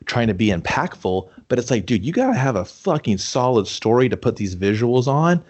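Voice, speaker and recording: A man's voice: medium pitch, very animated, fairly quick, darkish tone, dull audio. A man co-hosting a casual movie review podcast, ranting bluntly and sarcastically with plenty of swearing.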